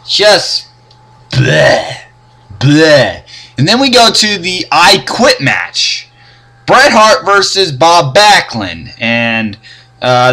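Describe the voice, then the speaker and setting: A man's voice: fairly high pitch, pushed and bright. A young man giving a casual, profane, sarcastic rant reviewing old wrestling matches.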